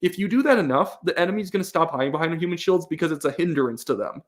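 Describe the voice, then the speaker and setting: A man's voice: fairly high pitch, expressive, quick pace. A young man hosting a live stream, reading chat questions aloud and giving his opinions with many fillers and restarts. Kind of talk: casual live-stream commentary.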